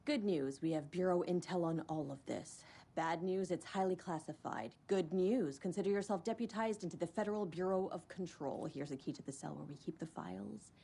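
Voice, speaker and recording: A lowish, slightly husky female voice a sardonic federal agent in a game. Her lines come out dry and wry. She sounds sure of herself and a little amused. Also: a little fast, few pauses, dark tone. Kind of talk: video game voice acting.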